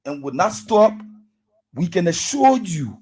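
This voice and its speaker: A man speaks as a guest on a radio talk show, husky in tone and a bit high for a man. He talks with rising passion, rallying listeners and repeating his key phrases. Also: big pitch swings, measured pace, darkish tone, low-quality recording. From Liberia. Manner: impassioned, rallying speech with repetitions. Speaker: student activist guest.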